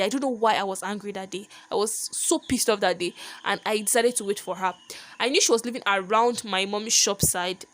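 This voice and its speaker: A young woman telling a personal story in a lively, animated vlog monologue. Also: medium pitch. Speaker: vlogger.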